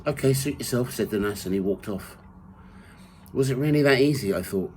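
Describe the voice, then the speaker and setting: A man reading from his own memoir in the first person, measured and steady. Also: lowish voice, slight background noise, low-quality recording. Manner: measured reading, rising loud for quoted shouts.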